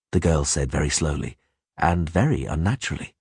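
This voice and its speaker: A man narrating an audiobook in a lively, dramatic reading style. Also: rumbling low, fairly quick, creaky, husky, no room sound, studio quality. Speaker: audiobook reader.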